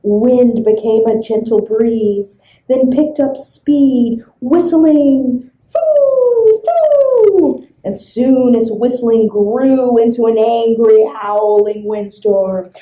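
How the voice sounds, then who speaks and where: A woman librarian reading a folk tale aloud to children, expressive and full of sound effects. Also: on the high side, slow, few pauses, echoey room, highs cut off. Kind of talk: storybook read-aloud for children.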